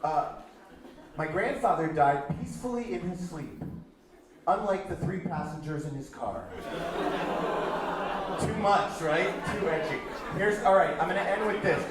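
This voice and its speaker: A man's voice: on the high side, lively intonation, moderate pace, noisy background. A man doing a chatty, self-deprecating stand-up comedy set on stage in a comedy club. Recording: echoey club from far off with crowd.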